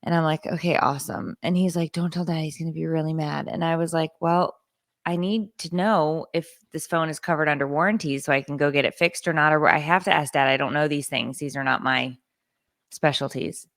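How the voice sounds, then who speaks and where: A woman in her thirties tells a story on a podcast with biting sarcasm and plenty of swearing, slipping into other people's voices as she goes. Her voice sits a little low, and the close, dry studio sound has no room echo. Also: steady tone, fairly quick. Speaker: podcast co-host. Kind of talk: casual storytelling chat.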